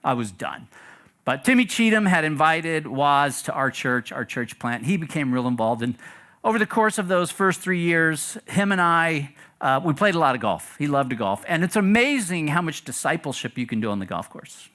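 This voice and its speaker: A middle-aged pastor telling a story to his congregation in a relaxed, conversational sermon, often asking the room questions. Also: on the high side, moderate pace. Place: church sanctuary.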